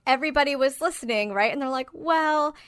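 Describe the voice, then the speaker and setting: A woman with a fairly high voice co-hosts a podcast, talking in an emphatic, animated way and swearing freely. The sound is dry and close. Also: normal speed, no room sound. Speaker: podcast co-host. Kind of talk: casual chat.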